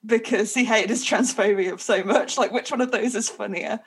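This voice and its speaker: A woman's voice: mid-range voice, normal speed, breathy edge. A woman co-hosting a comedy podcast, silly and giggly as she plays along with jokes. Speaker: podcast co-host. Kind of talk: casual comedic chat.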